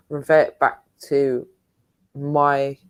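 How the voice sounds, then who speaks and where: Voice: mid-range voice, little pitch movement, extremely slow, clear, resonant tone. A person from Ireland co-hosting a livestream, chatting casually, laughing often and trailing off mid-sentence. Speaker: livestream co-host. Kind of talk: casual chat.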